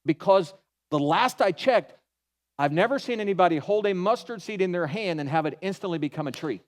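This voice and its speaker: A pastor giving a sermon in an animated, folksy way, mixing humor into his storytelling. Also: high-pitched, fairly quick. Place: church.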